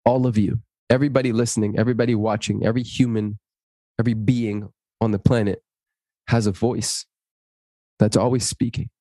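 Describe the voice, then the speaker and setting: Low husky man telling stories. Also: no room sound. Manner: animated, acts out dialogue in stories; slow, earnest inspirational delivery. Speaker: guest. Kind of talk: interview storytelling.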